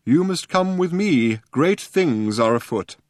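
A weary old alien planet-builder, as a male audiobook narrator puts him on, drawn-out and grave, pitched well above the reader's own low voice. He sounds wistful and stern. The reading is close and dry. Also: expressive, dry recording.

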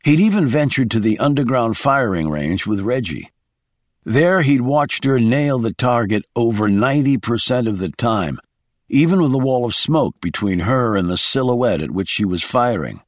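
A man narrating an audiobook thriller as scripted, expressive storytelling. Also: medium pitch, normal speed, no room sound, studio quality.

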